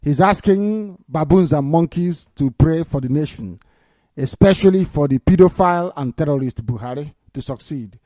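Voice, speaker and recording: A man's voice: fairly high pitch, dark tone, no echo. A man with a Nigerian Igbo accent giving mocking news commentary on the radio, laughing often and swinging into indignant outbursts. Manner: sarcastic, laughs often, mixes Igbo into English. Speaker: radio broadcaster.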